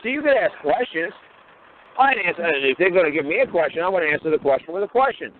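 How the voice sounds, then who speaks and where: A man's voice: a little high, big pitch swings, quick pace, slight background noise. A man talking bluntly and profanely, firing off rhetorical questions on a call-in talk show. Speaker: talk show guest lecturer. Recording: tinny phone line.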